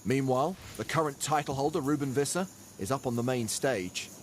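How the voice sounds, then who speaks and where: Brisk male play-by-play commentator. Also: medium pitch, slight background noise. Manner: brisk, lightly witty. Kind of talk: sports commentary.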